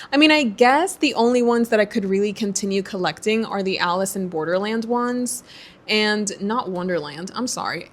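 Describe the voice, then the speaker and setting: A young woman vlogging casually to camera as she browses online, chatty and giggly, talking to herself. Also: mid-range voice. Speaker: book vlogger.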